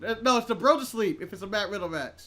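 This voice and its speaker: A man co-hosting a casual watch-along chat, excitable, laughing often and swearing freely. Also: high voice, fast. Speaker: co-host.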